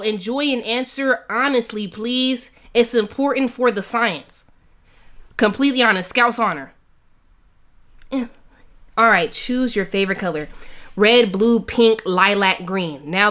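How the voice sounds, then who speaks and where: A woman in her twenties reading out a quiz in a casual, playful chat full of slang and quick asides. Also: mid-range voice, fairly bright tone. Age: 20s. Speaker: YouTuber.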